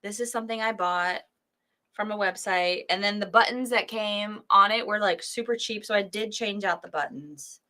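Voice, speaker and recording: A woman's voice: medium pitch, moderate pace, pushed and bright. A young adult woman co-hosting a casual whiskey livestream, teasing her partner in a dry, bossy way. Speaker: co-host of a whiskey tasting livestream. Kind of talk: casual chat.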